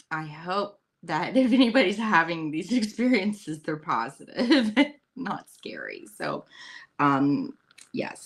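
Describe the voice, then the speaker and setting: Slow-talking husky woman hosting a live chat. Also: low-pitched. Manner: laughs often, chatty and rambling, reads chat aloud. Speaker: host of a morning live stream. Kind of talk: casual live-stream chat with viewers.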